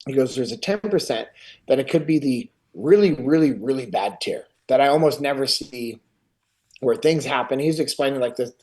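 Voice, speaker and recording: A middle-aged man speaks in a mid-range voice at normal speed as he hosts a podcast. His relaxed, animated account of a personal story includes him acting out the lines of other people.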